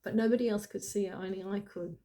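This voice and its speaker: A woman's voice: mid-range voice, fairly even intonation, quick pace, warm tone. A middle-aged woman telling a personal story in a casual, chatty way, full of "like" and "you know". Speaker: spiritual channel host.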